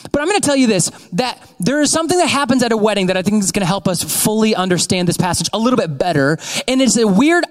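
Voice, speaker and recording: A young man preaching a conversational sermon, often asking "right?" and acting out excited voices as he tells stories. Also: extremely high pitch, poor audio. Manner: conversational, repeats words and asks "right?". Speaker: pastor.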